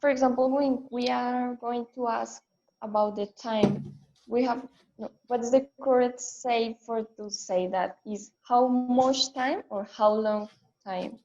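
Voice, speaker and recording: A female student asking the teacher questions in halting English over a call. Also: fairly high pitch, fairly even intonation, a little mellow. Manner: hesitant, halting learner's English. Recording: dull lo-fi call audio.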